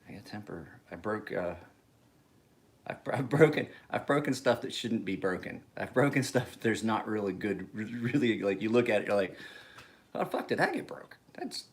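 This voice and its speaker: Gruff, profane man rambling with chuckles. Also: lowish voice, moderate pace. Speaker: knife sharpener vlogger. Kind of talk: casual rambling monologue.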